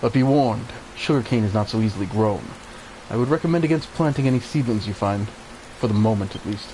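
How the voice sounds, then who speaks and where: A man reading a solemn elderly male mentor who gives formal, measured instructions to a young hero. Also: fairly low pitch, dark tone, a little hiss or hum, natural voice, poor audio.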